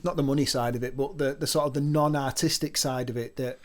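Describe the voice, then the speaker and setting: A man's voice: mid-range voice, fairly even intonation, fast, a crowd in the background. A man co-hosting a casual podcast, chatty and teasing with lots of restarts. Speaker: podcast co-host.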